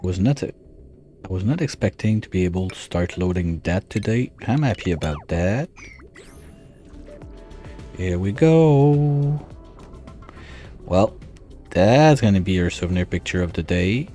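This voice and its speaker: A man's voice: sits low, expressive, fairly quick, dark tone, soft background music. A man giving casual let's-play commentary, thinking aloud and muttering his calculations as he plans. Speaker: gameplay streamer.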